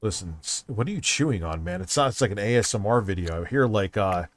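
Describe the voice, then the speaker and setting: A man's voice: lowish voice, lively intonation, fast talker, slight background noise. A man hosting a casual livestream, swearing and ranting in exasperation at a device. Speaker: streamer host.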